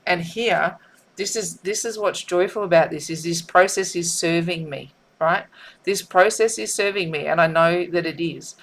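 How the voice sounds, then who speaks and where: Lady doing a tarot vlog, lowish voice, emotional and halting, keeps repeating herself. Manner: tearful, heartfelt, halting with repeats. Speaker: tarot reader.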